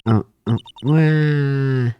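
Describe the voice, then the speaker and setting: A man's voice: medium pitch, very slow, dull audio, soft background music, voice pushed up. A man voicing a sassy, bratty young woman witness in a game, with a whiny, mocking and indignant manner. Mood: flustered. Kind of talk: voicing a video game's text for a let's play.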